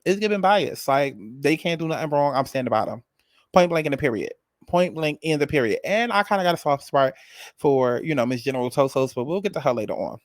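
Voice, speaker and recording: A man's voice: a little high, expressive, brisk, dry recording. A man giving a casual, sassy and profane recap of a reality show, repeating phrases for emphasis.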